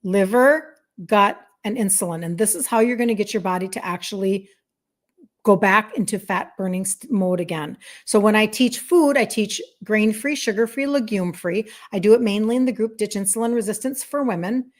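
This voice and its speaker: Brisk and medium-pitched, a health coach from Minnesota in her fifties reads viewer comments aloud on a casual livestream. Her tone comes across as earnest and apologetic.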